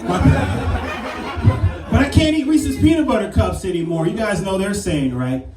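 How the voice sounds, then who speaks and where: A man in his thirties doing a brash, animated stand-up comedy set on a club stage. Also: high voice, fairly quick, loud music behind the voice. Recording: roomy club sound from a distance. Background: audience laughter.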